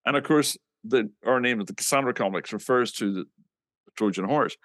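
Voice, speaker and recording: A man's voice: mid-range voice, normal speed, fairly bright tone, no echo, studio quality. A man from England casually telling stories about his band, animatedly acting out quoted dialogue and swearing now and then. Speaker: musician recounting his band's history. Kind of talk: casual anecdotal storytelling.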